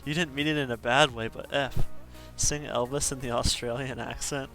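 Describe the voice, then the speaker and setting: A man's voice: mid-range voice, steady tone, moderate pace, sharp tone, faint music behind. A man chatting casually on a live game stream, chuckling often as he reads out viewer requests. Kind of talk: casual live-stream chat while gaming.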